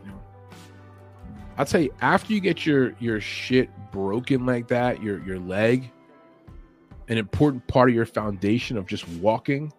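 A man's voice: mid-range voice, lively intonation, unhurried, soft background music. A man hosting a podcast in a casual opinion chat, rambling, opinionated and chuckling as he talks. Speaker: podcast host.

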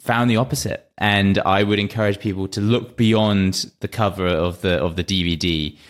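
A man's voice: deep voice, steady tone, moderate pace. A young man co-hosting a podcast, chatting about films in a loose, rambling way full of "like" and "you know.". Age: young adult. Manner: chatty, many fillers and restarts. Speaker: podcast co-host. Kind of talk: casual film-ranking chat.

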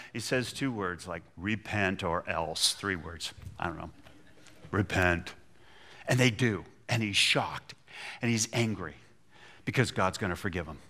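A man preaching a sermon, retelling Bible stories with animated storytelling and acted-out voices. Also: mid-range voice. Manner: animated storytelling, acting out voices of biblical figures. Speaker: pastor.

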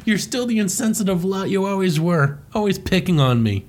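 A man's voice: sits high, animated, a little fast, a little mellow, pitched above the performer's own voice. A man voicing a whiny, aggrieved grown male rival who has been bullied. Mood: hurt.

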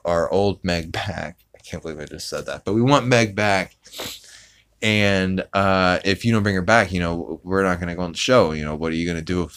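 A man's voice: low-pitched, fairly bright tone, clear, resonant tone. A man hosting a podcast, recapping an episode in a rambling, casual way with many fillers and acted-out quotes. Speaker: podcast host.

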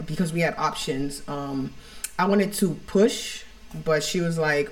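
Low-voiced woman telling a story frankly. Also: measured pace. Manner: rambling and frank, heavy on fillers like "like" and "you know". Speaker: podcast co-host. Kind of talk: candid personal storytelling.

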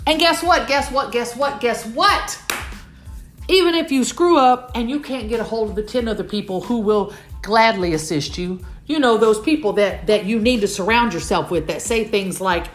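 A woman's voice: a little high, lively intonation, normal speed, fairly bright tone, reverberant, faint music behind. A woman from Houston, giving a comedic motivational talk to an audience and animatedly playfully acting out other people. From Houston, Texas.

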